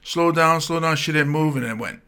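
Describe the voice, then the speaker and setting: Gravelly Hawaiian storyteller man, bright voice. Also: fairly high pitch, normal speed. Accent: Hawaiian Pidgin-tinged English. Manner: animated storyteller acting out quoted voices. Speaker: comedian guest. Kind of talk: storytelling in casual podcast chat.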